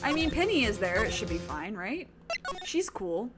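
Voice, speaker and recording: A woman's voice: medium pitch, big pitch swings, normal speed, over loud music. A woman streaming a game, chatting casually and joking at her own expense. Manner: chatty, self-mocking.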